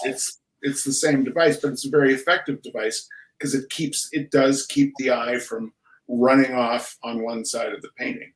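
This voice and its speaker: A man's voice: medium pitch, reverberant, rough recording. A man hosting a casual art talk, chatty and restarting his sentences with repeated words. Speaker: podcast host.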